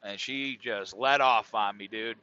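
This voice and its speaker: With a lowish voice and a measured pace, a middle-aged man rambles casually and profanely through a comic podcast monologue. His tone is pushed and bright yet clean. The audio is dry, dull and lo-fi.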